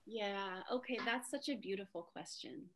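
A woman's voice: mid-range voice, moderate pace, fairly bright tone. A woman guest speaker on a video call who talks about improv in an encouraging, chatty way. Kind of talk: casual video-call talk.

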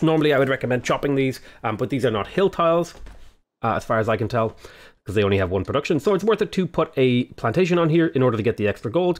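A man with an Australian accent casually talking through a strategy game tutorial, explaining his moves in a relaxed way. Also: mid-range voice. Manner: relaxed, explanatory, frequent "uh" and "go ahead". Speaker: gaming YouTuber.

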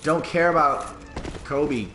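A man giving live gameplay commentary, swearing and yelling at the game in sudden outbursts, with sarcastic self-mocking asides. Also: on the high side, takes it slowly, noisy background. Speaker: gamer streaming live. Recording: roomy with loud background sound.

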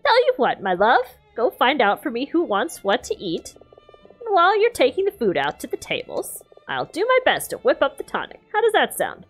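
A sweet old cook coos in a high, sing-song voice, as a woman puts her on, swooping up and down. She sounds coaxing and a little scheming, a video game grandmother. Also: huge pitch swings, normal speed, husky, soft background music, exaggerated voice.

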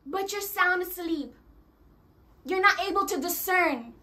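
A woman preaching a sermon, animated and acting out quoted voices as she addresses the congregation. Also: very high-pitched, unhurried.

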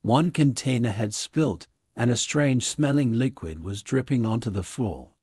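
A man reading a classic story aloud as scripted narration for English learners, in a clear, even way. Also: mid-range voice, moderate pace, dry recording, studio quality.

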